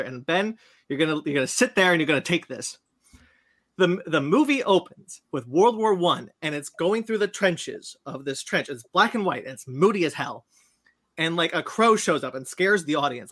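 A man on a podcast telling a long, animated story about a movie he saw and acting out its scenes. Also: fairly high pitch. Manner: animated storyteller, acts out scenes in silly voices. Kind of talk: casual chat, movie rant.

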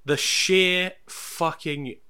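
A man's voice: on the high side, fairly even intonation, extremely slow, sharp tone, clear, resonant tone. A young man in casual chat, chiming in and finishing the other speaker's sentences.

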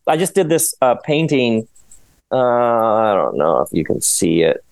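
A man talking as a podcast guest, rambling and animated, often laughing as he goes. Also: mid-range voice, measured pace, creaky, no echo. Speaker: author and guest. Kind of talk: casual podcast conversation.

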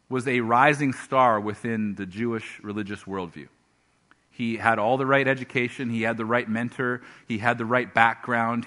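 A male pastor preaching a sermon, telling a Bible story with animated storytelling and acted-out voices. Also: medium pitch.

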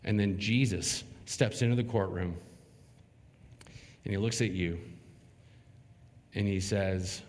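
A male pastor preaching a sermon from the pulpit, pausing dramatically between phrases. His pace is slow and weighted. The voice rings with the long reverb of a church sanctuary. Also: on the low side, fairly even intonation, a little mellow.

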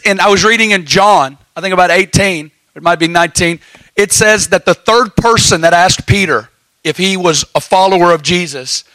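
A man preaching a sermon, telling stories in a folksy way with lively asides. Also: high voice, no room sound, low-quality recording.

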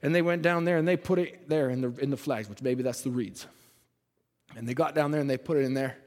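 A man preaching a sermon, retelling a Bible story in an animated, dramatic way. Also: mid-range voice, fairly quick. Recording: echoey hall reverb.

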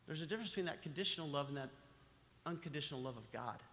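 A pastor delivers an emphatic sermon in a high, forceful voice, hammering his points home by repeating them and asking the congregation questions. His words ring out with the long reverb of a large church sanctuary. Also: lively intonation, rapid-fire, a little hiss or hum.

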